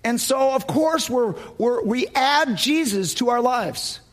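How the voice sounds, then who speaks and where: A male pastor delivering a sermon through dramatic storytelling. His voice sits high and swings widely in pitch. He often sinks to a low, hushed tone for emphasis. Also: expressive, slow pace. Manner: dramatic storytelling, dropping to low quiet tones.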